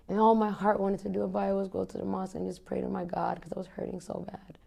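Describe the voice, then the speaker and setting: An American woman in her thirties, appearing as a guest in a candid conversational interview, talks bluntly and passionately and swears freely. Her voice sits on the low side, creaky and a little mellow.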